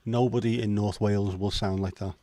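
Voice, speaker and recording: Hosting a relaxed livestream, a Liverpudlian jokes and swears, chatting to viewers with plenty of asides. He talks fairly quickly in a fairly low, mellow, steady voice, recorded dry.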